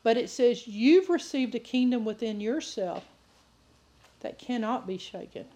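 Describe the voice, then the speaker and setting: High-voiced woman preaching with stories. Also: a little slow. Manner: animated, laughing, acts out quoted voices. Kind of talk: sermon with storytelling.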